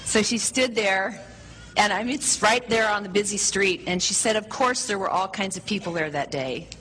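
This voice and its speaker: A woman's voice: medium pitch, normal speed, a bit bright, slight background noise, poor audio. A woman preaching, telling a story to a congregation in an enthusiastic, breezy manner. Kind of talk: sermon storytelling.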